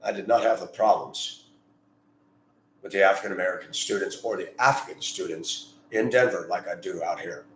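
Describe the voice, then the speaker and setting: A man's voice: sits low, normal speed, a little hiss or hum. A man who drives a school bus, talking in a blunt, rambling, opinionated monologue. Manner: blunt, rambling, gets heated and loud. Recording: echoey room.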